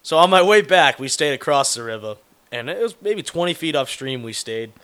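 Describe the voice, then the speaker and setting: A man's voice: on the high side, expressive, a little fast, bright, forceful tone. A man telling a rambling, profane, self-mocking story in casual chat, laughing as he goes.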